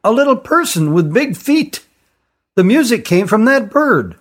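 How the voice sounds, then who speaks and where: A man's voice: very high voice, sing-song, measured pace, voice pushed up, exaggerated voice. A man reading an audiobook, voicing a curious little girl who talks eagerly and pleads. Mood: insistent.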